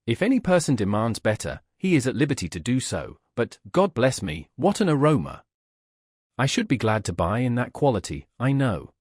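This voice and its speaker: A man's voice: mid-range voice, big pitch swings, normal speed, darkish tone, husky, no room sound, clean studio sound. A man voicing a pompous, wordy male auctioneer who speaks in a sonorous, self-satisfied manner.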